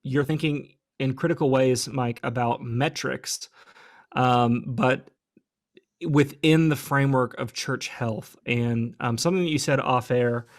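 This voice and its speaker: A man's voice: medium pitch, steady tone. Thoughtful male podcast co-host. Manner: thoughtful, many filler pauses. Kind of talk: casual podcast chat.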